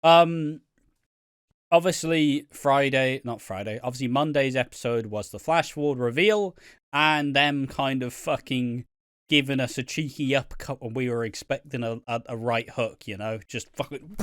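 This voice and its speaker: A man's voice: medium pitch, normal speed, clean tone, no echo, studio quality. A man co-hosting a casual podcast, swearing freely and ranting with lots of laughs. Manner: swears a lot, animated rants, laughs often. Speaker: podcast co-host.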